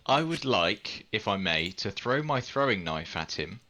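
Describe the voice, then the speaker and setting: A man's voice: lowish voice, very animated, a little slow, sharp tone. A man playing a tabletop game, politely explaining his character's ability step by step. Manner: polite, explains rules carefully. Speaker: player. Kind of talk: tabletop game play, casual chat.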